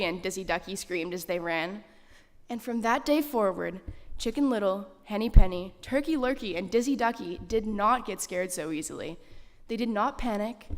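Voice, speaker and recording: A woman reading a children's story aloud in a school chapel, animated and expressive. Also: mid-range voice. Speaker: story reader. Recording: reverberant chapel.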